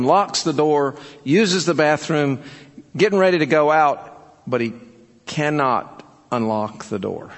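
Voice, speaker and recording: A man's voice: a little high, big-room sound. A man preaching a sermon in an earnest, urging way, telling stories to make his point. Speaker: pastor.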